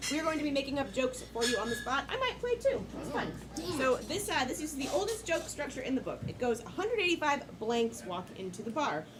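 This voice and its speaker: A woman's voice: high-pitched, very animated, fairly quick. A woman hosting a live improv comedy show, joking with the audience and explaining the games. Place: comedy club stage. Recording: live room with loud audience noise.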